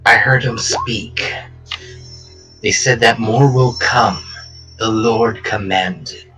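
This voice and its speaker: A man's voice: medium pitch, takes it slowly. A man voicing an invisible young woman adventurer, whispering urgently and stammering as he speaks. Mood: hushed urgent. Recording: distant mic, faint music.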